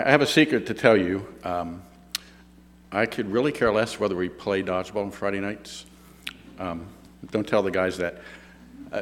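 Hesitant low-voiced man, reverberant hall. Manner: hesitant, many ums and restarts, sincere. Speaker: church member giving testimony. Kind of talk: spoken testimony. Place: church hall.

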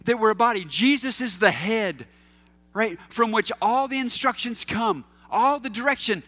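A man's voice: high voice, expressive, moderate pace, sharp tone, faint music behind. A middle-aged man preaching a conversational sermon, casual and anecdotal, with fillers and repeated words. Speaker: pastor.

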